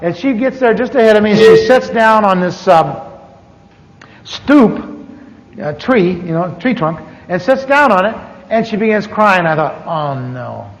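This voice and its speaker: A middle-aged American man telling his testimony as a sermon, halting and restarting as he acts out the dialogue. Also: high voice, animated, a little hiss or hum. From United States. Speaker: pastor. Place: church conference hall. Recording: muffled 1980s recording in a reverberant hall.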